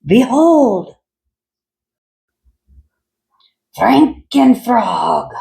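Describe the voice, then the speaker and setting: A man hamming up a booming mad scientist. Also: animated, gravelly, full character voice. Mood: gleeful shouting. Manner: loud, slow, booming exclamations. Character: grandiose male mad scientist, theatrical. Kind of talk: storybook character voice.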